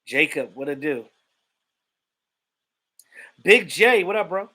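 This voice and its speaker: A man hosting a casual livestream, greeting viewers by name and telling stories in an animated way. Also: on the high side, takes it slowly. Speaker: livestream host.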